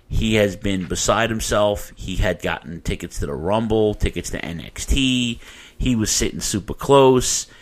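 A man with a somewhat low voice tells a rambling story in casual chat, swearing freely and getting animated. The talk is relaxed and conversational, like a co-host holding the floor. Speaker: podcast co-host telling a story.

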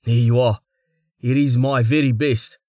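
A man's voice: mid-range voice, fairly even intonation, unhurried, darkish tone, no room sound, close to an everyday voice. A man voicing an anxious, humble male weaver who speaks formally and deferentially.

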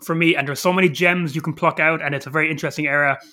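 A man in his thirties co-hosting a podcast, chatting casually in a rambling, sweary, animated way. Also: fairly high pitch, rapid-fire. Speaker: podcast co-host. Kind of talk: casual chat.

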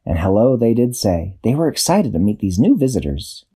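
A man improvising a children's bedtime story, unhurried, searching for words and correcting himself. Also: fairly low pitch, big pitch swings, mellow, husky.

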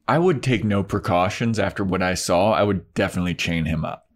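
A man's voice: sits low, fairly quick. A man co-hosting a casual podcast, talking in a joking, sarcastic way. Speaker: podcast co-host. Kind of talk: casual rewatch podcast chat.

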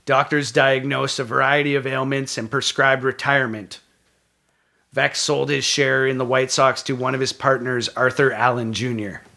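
A man's voice: medium pitch, level tone, moderate pace, vocal fry, pushed and bright. A man co-hosting a casual talk podcast, reading history notes aloud with small slips and joking asides. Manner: reads from notes with small slips, jokes with co-host. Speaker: podcast co-host.

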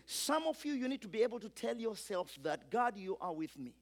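A man delivers a sermon in a high voice. He preaches with emphasis, stacking repeated phrases and swinging between loud and quiet passages as he leads his listeners. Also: big pitch swings, moderate pace, few pauses. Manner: emphatic, repetitive build-ups, urges congregation to repeat.

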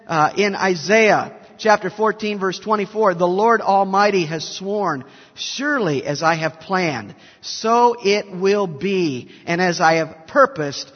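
A man in his fifties preaching an emphatic sermon as a pastor, swinging between loud and soft. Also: sits high, big-room sound, dull audio. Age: 50s. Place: large church hall.

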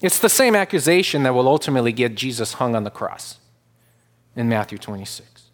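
A man preaching a sermon to his church, earnest, repeating himself as he builds to loud, emphatic peaks. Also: medium pitch, very animated, brisk. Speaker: pastor.

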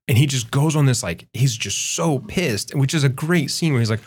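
A man's voice: mid-range voice, lively intonation, moderate pace, hardly any pauses, husky. A man co-hosting a podcast, eagerly retelling film scenes and often checking in with "right?". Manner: enthusiastic, retells scenes with acted quotes, keeps saying right. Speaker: podcast co-host. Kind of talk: casual film discussion.

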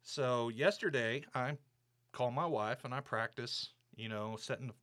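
A man's voice: mid-range voice, unhurried, fairly bright tone. Indignant man ranting on his podcast. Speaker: podcast host. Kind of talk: casual monologue.

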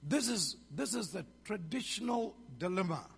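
A man's voice: sits high, animated, normal speed, gravelly, fairly bright tone, husky. A Malaysian man in his fifties, a pastor preaching a sermon with a Malaysian English accent, emphatic and calling out questions to the congregation. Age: 50s. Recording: reverberant hall.

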